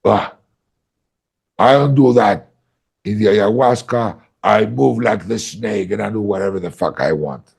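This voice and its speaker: A man voicing an aggressive, menacing mafia boss who shouts and swears, quoted within a podcast story. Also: lowish voice, unhurried, creaky, breathy edge, heavily acted. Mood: defiant.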